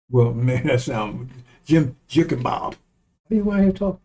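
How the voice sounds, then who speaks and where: A man's voice: on the high side, lively intonation, fairly quick, dark tone. A man giving a blunt, profane, preaching-style monologue, repeating lines for emphasis and chuckling between remarks. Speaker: online commentator.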